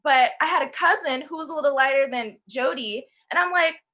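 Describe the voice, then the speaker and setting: A young woman in her twenties, speaking as a guest on a talk show panel. Her voice sits a little high and sounds bright and forceful. She tells her story casually and slips into the voices of the people she quotes. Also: a little fast. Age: 20s. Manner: animated, acts out quoted voices.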